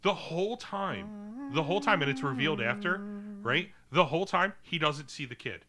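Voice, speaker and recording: A man's voice: fairly high pitch, expressive, moderate pace, crowd noise. A man co-hosting a casual film review podcast, joking and swearing, often restarting his sentences. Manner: joking, profane, stumbles and restarts. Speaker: podcast co-host.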